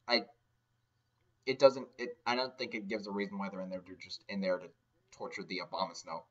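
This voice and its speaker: A man's voice: fairly low pitch, level tone, quick pace, fairly bright tone. A man giving a rambling, sarcastic comedic game recap, swearing often, recorded on a dull, lo-fi mic. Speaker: game ranter.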